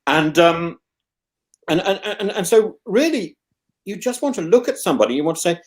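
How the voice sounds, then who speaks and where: An English man hosts a casual chat, thinking aloud in long discursive turns. He stumbles over repeated words and restarts his sentences often. His pitch swings widely as he talks. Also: expressive, moderate pace. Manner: rambling, with many restarts and stammered repeats; musing and discursive. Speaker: host.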